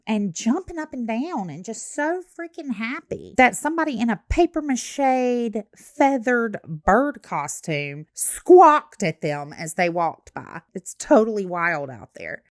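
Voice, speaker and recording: Woman, blunt commentary, lively pitch swings, dry close voice. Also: slow pace, hardly any pauses, dry recording. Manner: blunt, sarcastic, swears freely. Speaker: commentary host. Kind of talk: reaction commentary.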